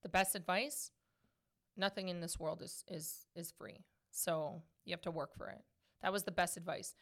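A woman in her thirties hosting a podcast, answering questions in a chatty, animated way. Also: on the low side, moderate pace. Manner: chatty, animated, laughs often. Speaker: podcast host. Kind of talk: casual podcast Q&A chat.

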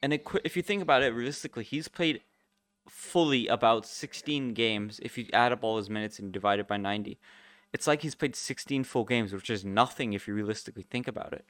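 Man, football podcast co-host, talkative, laughs a lot, mid pitch, dry sound. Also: brisk, fairly bright tone, dry recording. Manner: talkative, laughs often, builds long arguments. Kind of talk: casual football chat.

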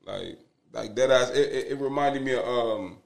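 A young man with a gravelly, fry-edged voice tells stories as a podcast guest. His delivery is animated and profane, often breaking into laughter, and it swings between loose, easy chat and bursts of loud retelling. His voice sits at a middle pitch. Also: normal speed. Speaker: podcast guest, father of twins. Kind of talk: casual podcast storytelling.

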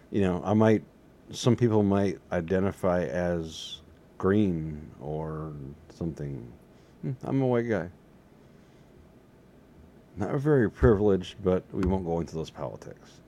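A man talking alone to his webcam in a rambling, self-mocking way, with a slightly hoarse voice. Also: sits low, dark tone, slight background noise. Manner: self-mocking, jokey, drifts between topics. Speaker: solo vlogger. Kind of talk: rambling casual monologue to camera. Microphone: desk setup facing a webcam.

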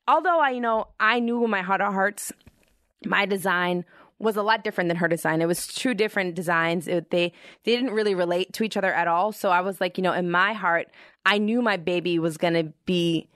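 A young woman telling the story of founding her brand in a chatty, expressive way. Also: mid-range voice, brisk, no room sound, studio quality. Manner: chatty and expressive, with animated quoted reactions. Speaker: founder of a hair-friendly hat brand. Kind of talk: casual storytelling to camera.

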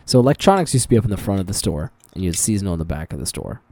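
A podcast co-host with a low-sitting voice talks rapid-fire in a casual chat, telling work stories. He swears freely and animatedly acts out what people said, quoting them.

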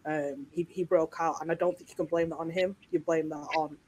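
A British woman speaks as a guest on a casual sports show, calm, matter-of-fact and a little teasing. She comes through a video call, with a fan humming faintly behind her. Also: sits low, fairly quick, slight background noise, rough recording. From Britain. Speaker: guest contributor. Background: fan running.

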